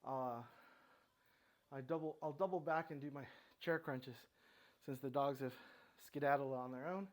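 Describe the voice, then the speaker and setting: A middle-aged man at home, talking himself through a core workout with halting restarts and breathless pauses between sets. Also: mid-range voice, fairly even intonation. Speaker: fitness vlogger. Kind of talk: casual workout narration. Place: home room with his dogs.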